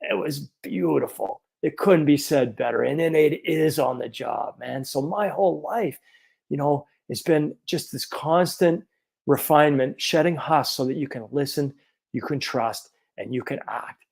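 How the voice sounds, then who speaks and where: A chiropractor in his fifties telling a personal story in an animated, earnest way. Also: a little high, unhurried, vocal fry, breathy edge. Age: 50s.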